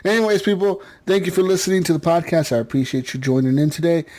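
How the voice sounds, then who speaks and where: A man with a notably high speaking voice hosts a casual gaming podcast. He jokes around, laughs often and swears freely, keeping the chat loose. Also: fast talker, warm tone. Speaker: podcast host.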